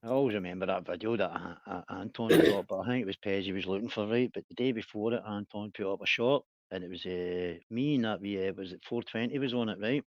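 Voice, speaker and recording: A man's voice: lowish voice, fast, hardly any pauses, dry recording, dull audio. A man, hosting a casual livestream chat, rambling, laughing and swearing a lot. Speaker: livestream host.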